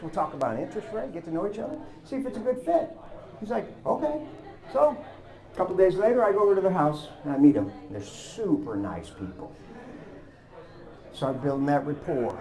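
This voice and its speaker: A man's voice: high voice, darkish tone. A man giving a stage presentation, telling a story and acting out both sides of phone calls in quoted dialogue. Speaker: public speaker.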